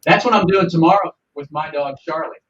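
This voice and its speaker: A man co-hosting a casual animal-shelter podcast, telling rambling, lively stories with many restarts. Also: a little high, fairly quick. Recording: distant, dull mic with faint ambience.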